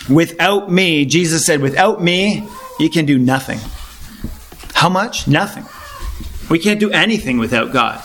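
A middle-aged man preaching a sermon, reading scripture slowly and then explaining it in a plain, casual way. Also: a little high, a bit bright, rough recording.

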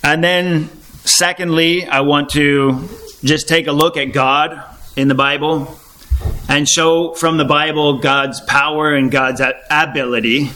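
A man preaching an informal sermon to a small congregation, talking conversationally with restarts and frequent throat clearing. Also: on the high side, steady tone, slow, pushed and bright.

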